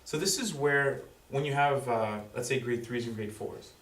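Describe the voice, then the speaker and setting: A man giving a school presentation to parents, explaining in a halting way full of fillers and restarts. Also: medium pitch, fairly bright tone. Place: school room with audience. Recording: roomy, distant, faint background noise.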